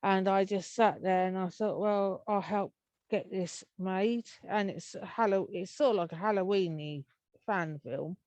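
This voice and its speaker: Guest spot: English woman, talkative and rambling, quick to laugh, mid-pitched voice, dry close recording. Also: darkish tone, dry recording. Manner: chatty and rambling, laughs often. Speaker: interview guest. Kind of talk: casual interview chat.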